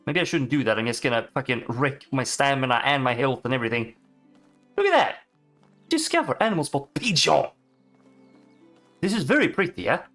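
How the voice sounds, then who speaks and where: A man giving casual, excitable commentary while playing a video game, swearing and chatting to the animals he meets. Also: mid-range voice, a little fast, long pauses, soft background music. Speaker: gaming streamer.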